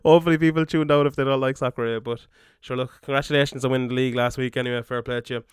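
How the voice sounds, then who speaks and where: A man's voice: medium pitch, steady tone, racing, clear, resonant tone, dry recording, clean studio sound. A man co-hosting a podcast, blunt and sarcastic, swearing freely in casual banter. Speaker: podcast co-host.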